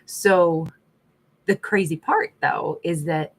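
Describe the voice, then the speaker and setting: A woman's voice: deep voice, takes it slowly. A woman giving a casual tarot reading, chatty and rambling, with many fillers and restarts. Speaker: tarot reader.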